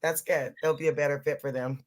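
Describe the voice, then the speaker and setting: A woman's voice: low voice, steady tone, brisk, a little mellow. A middle-aged woman co-hosting a podcast in casual chat, laughing often and repeating herself for emphasis. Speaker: podcast co-host.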